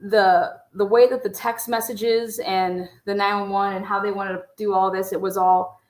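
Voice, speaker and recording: A woman's voice: mid-range voice, steady tone, moderate pace, hardly any pauses. Blunt, profane woman streaming. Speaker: true crime YouTuber. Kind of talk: casual livestream commentary. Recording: roomy echo.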